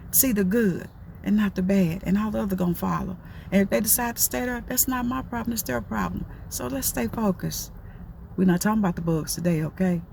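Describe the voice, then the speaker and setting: A woman's voice: mid-range voice, creaky, darkish tone, slight background noise. A middle-aged woman giving a casual, preachy motivational talk, folksy and repetitive. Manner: folksy, preachy, repeats herself. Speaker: motivational talker.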